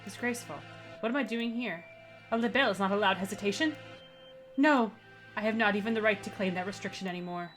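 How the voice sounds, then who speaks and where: A woman's voice: medium pitch, fast talker, fairly bright tone, soft background music, close to an everyday voice. A woman voicing a proud, aloof young aristocrat pigeon in stiff, formal speech. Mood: self-reproach. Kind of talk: reading game dialogue aloud.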